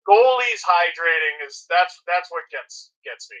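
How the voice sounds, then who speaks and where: A man's voice: fairly high pitch, lively intonation, measured pace, fairly bright tone, highs cut off. A man hosting hockey game commentary, playful and joking, with mock sponsor reads. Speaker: hockey broadcast host. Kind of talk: comedic live game commentary.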